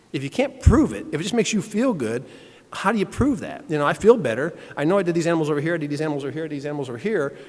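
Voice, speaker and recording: Brisk, conversational male conference speaker. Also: medium pitch. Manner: conversational, plainspoken, frequent "you know" asides. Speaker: veterinarian giving a conference talk. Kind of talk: unscripted conference presentation. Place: large conference hall. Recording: long hall reverb.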